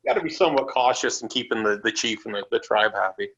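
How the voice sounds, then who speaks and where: A man's voice: on the low side, quick pace. A man telling wrestling road stories as a podcast guest, acting out voices and swearing freely. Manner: animated, acts out voices in his stories. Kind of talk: casual storytelling. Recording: dull lo-fi podcast audio.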